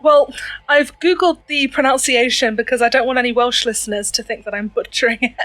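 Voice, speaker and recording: A woman's voice: on the high side, steady tone, fairly quick, a bit bright, no room sound, low-quality recording. A woman joining as a guest player in a tabletop game, giggly and playful. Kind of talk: casual tabletop play.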